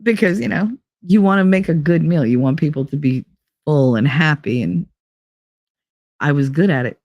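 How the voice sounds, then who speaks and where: A host from the UK, chatting casually and reading out live comments, with animated, sarcastic asides. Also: mid-range voice, normal speed, no room sound, dull audio. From United Kingdom. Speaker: livestream podcast host.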